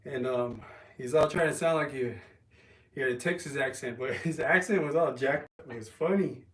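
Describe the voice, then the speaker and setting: A man chatting casually on a livestream, rambling and halting with ums and restarts while resting an injured calf. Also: mid-range voice, fairly bright tone. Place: home, lifting weights while streaming. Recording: roomy, from a distance.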